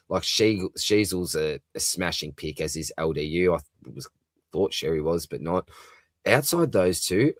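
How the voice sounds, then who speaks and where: Aussie male stream host, low register, dry close sound, casual and chatty, answers comments one by one. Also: no echo. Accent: Australian. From Australia. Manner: chatty, reads viewer comments aloud and answers them, says "mate" often. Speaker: livestream host. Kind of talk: casual live talkback chat.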